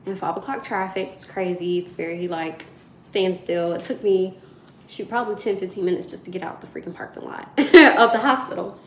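A woman in her twenties, a nursing student, telling her viewers a story in a chatty, animated way. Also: on the low side, moderate pace, slight background noise. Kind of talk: casual vlog storytelling. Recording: roomy echo.

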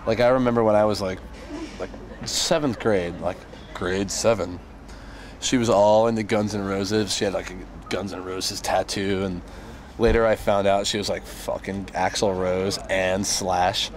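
A man's voice: sits low, steady tone, a little slow, a little hiss or hum. A young man, a band member on tour, tells a rambling, profane story, laughing as he goes. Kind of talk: casual storytelling.

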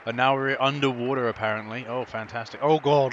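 A man giving excitable, foul-mouthed gameplay commentary as host of a gaming video. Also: medium pitch, moderate pace, dull audio, a little hiss or hum. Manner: excitable, swears constantly, laughs often.

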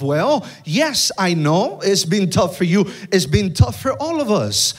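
A man's voice: sits high, very animated, measured pace, few pauses, husky. A man preaching a sermon in a church, using call-and-response with the congregation. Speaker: pastor. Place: church sanctuary with live congregation.

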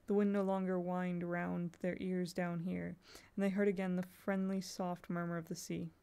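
A woman's voice: fairly low pitch, flat delivery, moderate pace, creaky, dark tone, clean tone. A woman reading a children's fantasy novel aloud as an audiobook, telling it evenly and unhurriedly, with small restarts. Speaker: audiobook reader.

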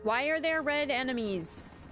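Lively, playful woman gaming streamer. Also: high voice, a little slow, faint music behind. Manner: playful and sarcastic, laughs often. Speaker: streamer playing a video game. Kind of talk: casual gameplay commentary.

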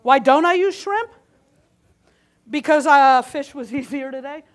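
A woman with a high-pitched voice talks a little slowly while cooking live on a conference hall kitchen stage. She's chatty and jokes with the audience, sounding slightly winded.

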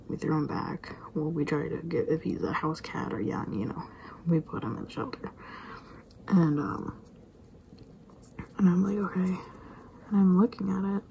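Whispering woman with a gravelly low voice. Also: mellow, slight background noise, poor audio. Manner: rambling, self-interrupting anecdote with repeated sound effects. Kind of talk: whispered storytelling vlog.

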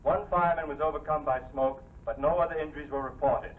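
An actor playing a radio newscaster reading local news in an even, formal manner, heard as a tinny radio from across the room. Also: male voice, fairly high pitch, fast talker, far from the mic, heavy background noise, lightly acted.

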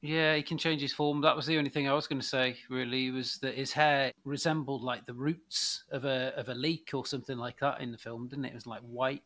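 A man's voice: mid-range voice, fairly even intonation, brisk, few pauses, sharp tone. A man chatting casually and playfully on a comedy podcast panel. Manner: playful, joking.

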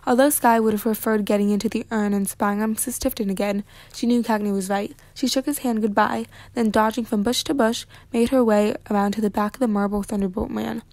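A woman reading a children's novel aloud with lively, expressive narration. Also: medium pitch, fairly quick, hardly any pauses, no echo. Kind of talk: read-aloud storybook narration.

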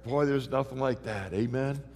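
A man's voice: mid-range voice, moderate pace. A middle-aged man preaching a sermon, telling stories animatedly with many fillers and restarts. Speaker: pastor. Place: large church hall. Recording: long reverb of a church hall.

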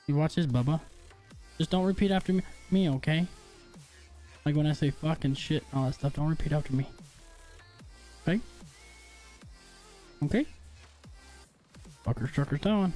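A young father livestreams a game, his slightly high, warm voice bantering playfully with viewers and his baby son while music plays faintly in the background. It's relaxed gaming-stream chatter.

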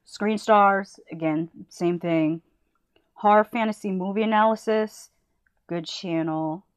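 A woman from the United States, a movie reviewer, chatting casually and enthusiastically while giving shout-outs to other channels. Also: mid-range voice, slow pace, clear, resonant tone, no room sound.

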